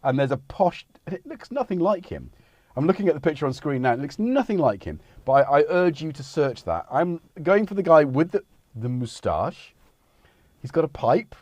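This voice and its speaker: A man's voice: on the high side, big pitch swings, normal speed, a little mellow, no room sound. A middle-aged man hosting a livestream, rambling in casual chat and breaking off mid-sentence. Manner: chatty, meandering, self-interrupting. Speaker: livestream host. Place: home studio.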